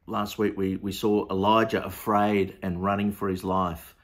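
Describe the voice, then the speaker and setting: Preacher, male, lowish voice, chatty Bible teaching with lots of ums and restarts. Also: flat delivery, moderate pace. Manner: conversational, hesitant with many fillers and restarts.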